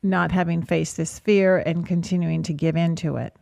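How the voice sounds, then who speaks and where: Woman, radio advice host, calm coaching manner, mellow tone. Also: on the low side, moderate pace, creaky. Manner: calm, coaching, speaks in gentle repeated phrases. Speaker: radio talk show host and therapist. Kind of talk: advice call-in radio talk.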